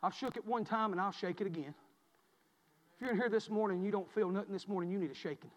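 A man preaching a sermon, swinging from quiet storytelling to shouted preaching. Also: high-pitched, fast talker, big-room sound. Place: church.

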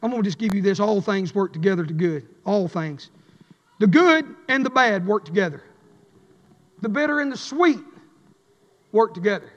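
A man preaching a fiery sermon, chanting and swinging between shouted lines and a low drawl. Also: expressive, normal speed, long pauses, dull audio. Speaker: pastor. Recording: echoey church hall.

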